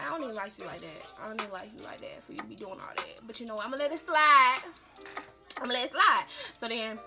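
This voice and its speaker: A young woman chats through a storytime with lively energy, her pitch sitting a little high and jumping into even higher squeals when she acts out quotes. She laughs often between lines, and loud music plays behind her voice. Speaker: vlogger. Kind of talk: casual storytime.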